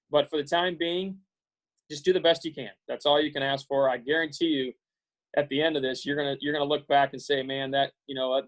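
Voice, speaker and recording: A man in his forties from Iowa speaks to students over a video call. His voice sits a little high for a man, and he talks in an earnest, halting way, full of fillers and restarts. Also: rough recording. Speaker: guest speaker.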